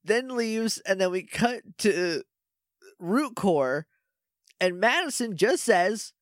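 A man's voice: high voice, slow, no room sound, clean studio sound. A man co-hosting a podcast, recapping an episode in casual chat and acting out characters in funny voices. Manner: animated, does silly voices for characters. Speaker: podcast co-host.

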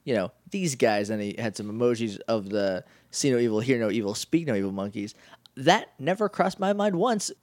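A man's voice: mid-range voice, expressive, moderate pace, a little mellow, no room sound. A man from New Hampshire co-hosting a podcast, chatting casually and joking around with lots of laughter. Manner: joking, laughs often, quotes scenes in put-on voices. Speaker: podcast co-host. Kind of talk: casual chat.

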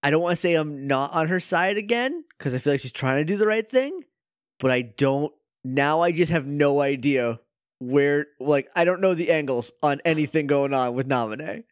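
A man's voice: a little high, lively intonation, moderate pace, clean tone, dry recording. Wry man with a dry podcast sound. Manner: wry, laughing reactions and puzzled questions. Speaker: podcast co-host. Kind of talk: casual chat.

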